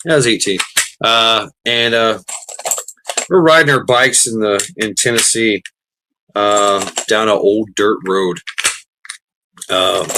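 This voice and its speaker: A man's voice: mid-range voice, background noise. A man chatting casually while gaming, rambling with many restarts and fillers, swearing freely.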